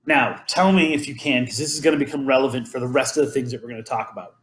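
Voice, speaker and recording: A man's voice: medium pitch, quick pace, hardly any pauses, fairly bright tone. A man hosting a podcast, chatting casually and rambling through legends with many ums and restarts. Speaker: podcast host. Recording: roomy echo.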